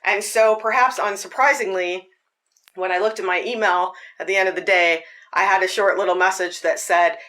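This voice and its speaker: Woman host, bright, earnest spiritual monologue, conversational with frequent "like"s. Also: medium pitch, steady tone, moderate pace. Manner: earnest, rambling, with filler "like". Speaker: podcast host.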